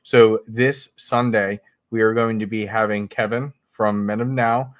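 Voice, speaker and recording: A man's voice: on the low side, fairly even intonation, a little slow, dry recording. A man co-hosting a talk show, plugging his community in an upbeat way with frequent fillers. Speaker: co-host, men's community leader. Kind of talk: casual promo plug.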